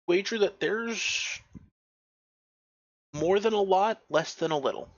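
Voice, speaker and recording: A man's voice: high voice, takes it slowly. Guy gm narrating a tabletop game, lots of uh and you know, muffled lo-fi sound. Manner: rambling, many fillers and restarts. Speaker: game master. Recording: dull lo-fi sound.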